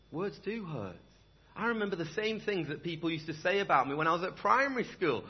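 A young man delivers a lively sermon, his voice swinging up and down with energy. His tone is slightly husky and a touch high, and he keeps asking the congregation rhetorical questions. The sound is a dull, lo-fi recording from a church. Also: brisk. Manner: animated, conversational, asks the room rhetorical questions. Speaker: preacher. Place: church hall.

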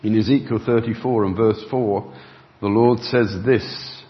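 A man's voice: fairly low pitch, steady tone, a little slow, dull audio. A man preaching a sermon, expounding scripture earnestly and rising in emphasis at key points.

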